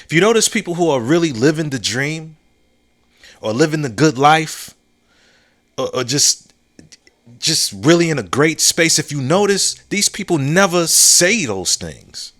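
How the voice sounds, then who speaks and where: A man's voice: fairly high pitch, animated, fairly bright tone. A man hosting his own podcast, talking casually and reflectively, repeating key phrases, using slang and often asking "you know what I'm saying?". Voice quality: laid-back, drawn-out phrasing with slang and restarts. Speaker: podcast host. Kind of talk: casual solo monologue.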